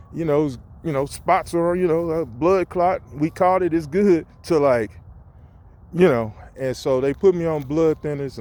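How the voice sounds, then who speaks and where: A man telling his own story in a casual vlog, animated, acting out the voices he quotes. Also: mid-range voice. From St. Louis area, USA. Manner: animated, acts out quoted voices, restarts and fillers. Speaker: vlogger sharing his story. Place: outdoors on a campus walk.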